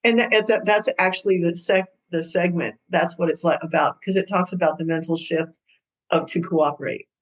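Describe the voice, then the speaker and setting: A woman guest who works as a co-parenting mediator tells stories in an interview, acting out the people in them with lively, hesitant speech. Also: fairly low pitch, moderate pace. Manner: lively storyteller who acts out quoted people. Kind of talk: storytelling interview answers. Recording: dull lo-fi sound.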